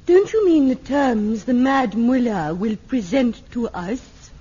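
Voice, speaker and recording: A woman playing an amateur actress reading an earnest heroine in slow, mannered lines. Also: fairly high pitch, animated, dark tone, husky, dull audio, full character voice. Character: earnest heroine in a stilted melodrama.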